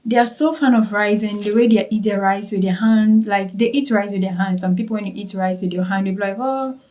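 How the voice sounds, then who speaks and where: A woman's voice: medium pitch, steady tone, brisk, warm tone, poor audio. A young Ghanaian woman with a Ghanaian accent, chatting casually to her viewers in a travel vlog, repeating words for emphasis and checking in with them. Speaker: travel vlogger.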